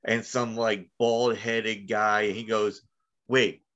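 A man's voice: fairly low pitch, level tone, takes it slowly, fairly bright tone. A man hosting a casual podcast chat, telling long profane stories and laughing at them. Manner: rambling, profane, laughs at his own stories. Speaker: podcast host. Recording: dull lo-fi sound.

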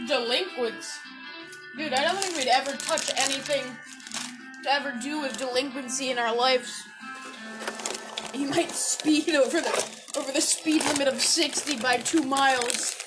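A woman's voice: high-pitched, unhurried, loud music behind the voice. A woman co-hosting a casual podcast chat, teasing and goading her friend, laughing easily. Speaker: podcast co-host.

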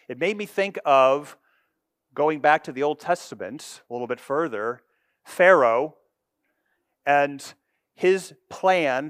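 A man preaching a sermon, with expressive delivery that moves from loud emphasis to hushed asides. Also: a little high, clear, resonant tone, dry recording, clean studio sound. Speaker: pastor.

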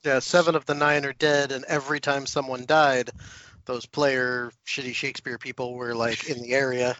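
A man's voice: medium pitch, flat delivery, moderate pace, bright, forceful tone, lo-fi sound, slight background noise. A man co-hosting a podcast, joking animatedly and laughing often. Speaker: podcast co-host. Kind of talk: casual chat.

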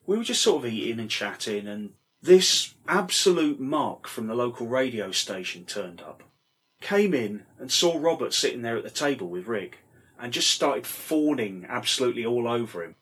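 A man's voice: mid-range voice, big pitch swings, moderate pace, a bit bright, breathy edge. A middle-aged man telling a rambling anecdote, casually swearing and full of fillers. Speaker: storyteller.

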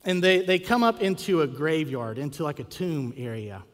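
Preacher telling a story in a reverberant church. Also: male voice, fairly high pitch, moderate pace. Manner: animated storytelling with acted quotes and rhetorical questions. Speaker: pastor. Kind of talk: sermon. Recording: long hall reverb.

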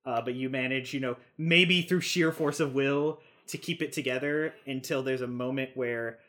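A man's voice: mid-range voice, fairly even intonation, normal speed, fairly bright tone. A man narrating a tabletop game as game master, in a casual, rambling way with frequent fillers and chuckles.

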